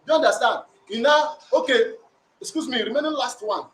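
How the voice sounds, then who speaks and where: A man with a Nigerian accent recounting a domestic dispute as a complainant, in a rambling, repetitive, animated way. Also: very high voice, a little fast. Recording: roomy sound from a distant mic.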